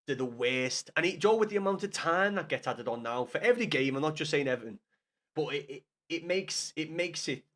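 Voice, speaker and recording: A man's voice: on the high side, fairly bright tone. A man in his thirties with a Scouse accent, hungover and rambling, chatting casually to his stream viewers with lots of swearing and restarts. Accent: Liverpool Scouse. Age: 30s.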